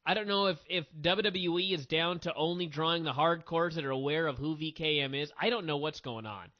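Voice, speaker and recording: A man hosting a wrestling review podcast, talking in an opinionated, animated way with quick asides. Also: fairly high pitch. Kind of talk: casual review chat. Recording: dull lo-fi audio.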